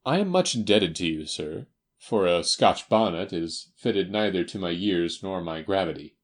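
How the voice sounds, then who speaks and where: Man reading a learned older gentleman, slow and staccato, low voice, audiobook. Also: lively intonation. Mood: measured. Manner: slow, staccato, choosing words carefully.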